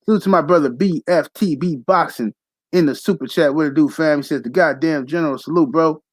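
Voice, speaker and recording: Profane, fast-ranting male boxing host. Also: on the high side, husky, no echo, low-quality recording. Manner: profane, animated, fast-talking slang. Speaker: boxing talk show host. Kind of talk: casual livestream rant.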